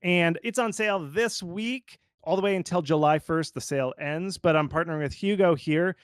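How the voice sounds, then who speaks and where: A man who is a game marketing consultant, giving casual, animated advice full of "like" fillers. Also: a little high, moderate pace, clear, resonant tone, no echo, clean studio sound. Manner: animated and informal, lots of fillers like "like". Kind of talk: conversational expert commentary.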